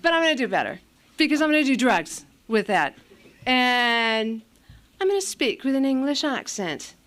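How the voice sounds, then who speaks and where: A woman's voice: high voice, very animated, moderate pace, a bit bright. A middle-aged woman from California giving a candid recovery share at a meeting, blunt, profane and self-mocking, with a lot of fillers.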